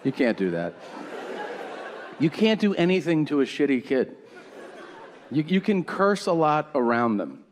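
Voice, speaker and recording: A man doing a stand-up routine on stage, telling stories in an animated way and acting out voices with shouted punchlines. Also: on the high side, unhurried, long pauses. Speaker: stand-up comedian. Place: comedy stage before a live audience. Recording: live show with roomy reverb and crowd noise.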